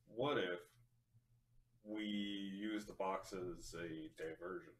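A man playing in a tabletop game who speaks confidently and deliberately. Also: deep voice, fairly even intonation, slight background noise. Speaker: player. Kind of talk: casual tabletop play. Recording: roomy echo.

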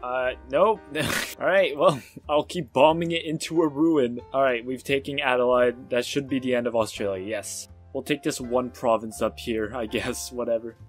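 A man's voice: mid-range voice, normal speed, husky, soft background music. Sarcastic young-sounding gaming commentator man. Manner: sarcastic, excitable outbursts, self-mocking. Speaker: gaming YouTuber. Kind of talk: let's-play game commentary.

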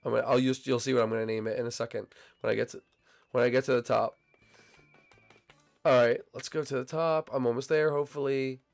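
Young guy gaming, kinda hoarse and gravelly, hypes up and roasts his friends, faint music behind. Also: medium pitch, brisk, long pauses. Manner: excitable, teasing banter with teammates. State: recovering voice, slightly hoarse. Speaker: gaming channel host. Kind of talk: casual gameplay commentary.

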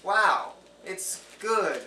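A man improvising goofy parody ads in a rambling, deadpan way, correcting himself as he goes. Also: high voice, very slow, distant mic, a little hiss or hum. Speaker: video creator.

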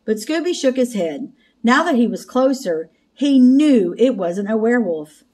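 Woman reading a picture book slowly. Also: on the high side, sing-song, a little mellow. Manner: slow, clear narration for children. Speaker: reader of a children's book. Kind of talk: storybook read-aloud.

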